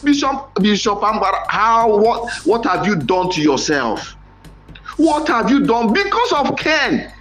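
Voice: mid-range voice, very animated, a little slow, a bit bright, faint music behind. A commentator with a Nigerian accent, giving impassioned voice-note commentary, dramatic and lamenting, repeating phrases and exclaiming. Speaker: online commentator.

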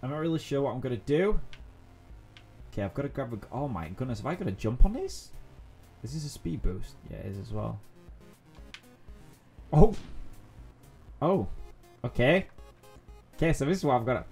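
A young adult man giving let's-play commentary, excitable and thinking aloud, often repeating himself as he plays. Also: mid-range voice, normal speed, pauses often. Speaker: gaming YouTuber. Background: faint game music.

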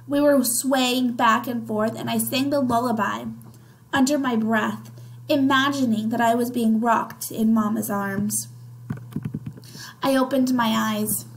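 A woman's voice: a little high, slight background noise, rough recording. A woman reading a children's novel aloud, narrating expressively in the first person. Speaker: reader.

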